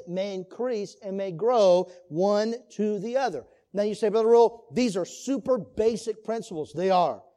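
A Sunday school teacher leads a church class on marriage in a sermon-like style, earnest and posing questions to his listeners. His voice is high and mellow.

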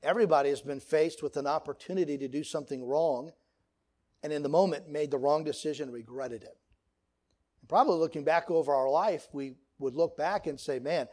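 A man's voice: a little high, a little mellow. A middle-aged man teaching a church Sunday school class, telling stories and chanting remembered phrases with emphasis. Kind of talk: church lesson.

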